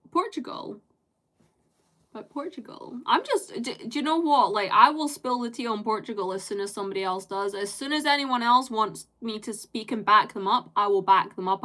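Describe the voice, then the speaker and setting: A woman's voice: mid-range voice, a bit bright. A woman live streamer chatting with her viewers in a loose, rambling way. She strings thoughts together with constant fillers and drops casual swear words.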